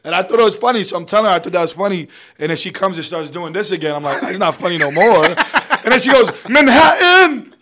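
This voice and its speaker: A man's voice: high-pitched, racing, few pauses, a little hiss or hum. A man co-hosting a podcast, telling stories in casual chat and acting out other people's lines. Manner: animated storytelling, acts out his partner's lines. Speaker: podcast co-host.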